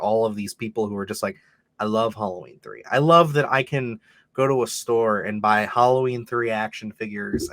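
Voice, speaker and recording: A man with a low-set voice co-hosts a casual podcast discussion, circling his points with constant fillers. The sound is dry and close to the mic, with no room around it. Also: fairly bright tone, no room sound. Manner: rambling, heavy on fillers like "you know" and "like". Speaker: podcast co-host.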